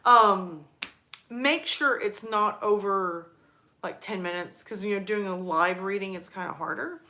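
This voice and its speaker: A woman's voice: mid-range voice, unhurried. A woman in her thirties hosting a live stream, chatting casually and rambling through stories about her kids and her mom. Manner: chatty, rambling, animated storytelling.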